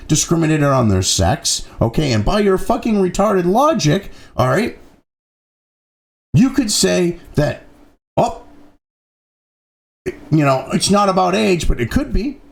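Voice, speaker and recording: A man's voice: high-pitched, gravelly, a little mellow. A man hosting a profane, angry political commentary rant, swearing constantly and mocking opponents.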